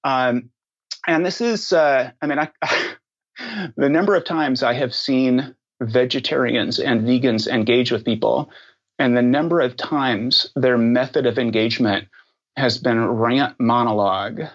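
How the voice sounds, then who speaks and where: A man speaking as a podcast guest, thoughtful and unhurried, with many ums and restarts. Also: mid-range voice, muffled recording. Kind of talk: casual interview talk.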